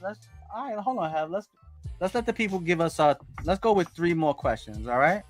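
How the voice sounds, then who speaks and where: A man hosting a live stream, chatting casually with loud, laughing banter. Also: high voice, expressive, a little fast, faint music behind. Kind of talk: casual chat.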